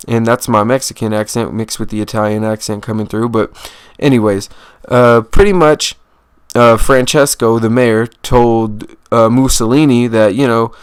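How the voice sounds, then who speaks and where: A man's voice: mid-range voice, clear, resonant tone, dry recording, studio quality. Rambling man explaining history. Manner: rambling, self-correcting, jokes about mispronouncing names. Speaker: history channel host.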